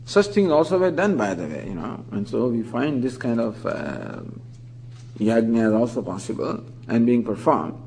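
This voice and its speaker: A man giving a scripture lecture. He says Sanskrit terms slowly, then explains them in English. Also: mid-range voice, very animated, gravelly, darkish tone, slight background noise, rough recording. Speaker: scripture teacher.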